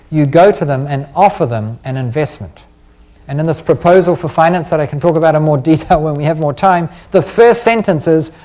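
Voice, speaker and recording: A middle-aged man with a fairly high voice addresses a live seminar audience. He talks boldly and persuasively, firing rhetorical questions at the room. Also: dark tone. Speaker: seminar speaker on property investing.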